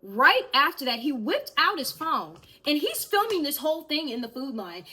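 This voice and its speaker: A young woman telling a storytime vlog in an animated way, speaking straight to her viewers. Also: high voice, moderate pace, few pauses. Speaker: vlogger.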